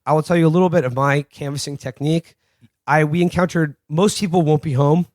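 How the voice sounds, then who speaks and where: A man's voice: fairly high pitch, steady tone, brisk, darkish tone, dry recording, clean studio sound. A man co-hosting a podcast, telling canvassing stories in casual, profane talk with frequent restarts. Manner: profane, rambling with repeated restarts. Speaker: podcast co-host. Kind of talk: casual chat, storytelling anecdotes.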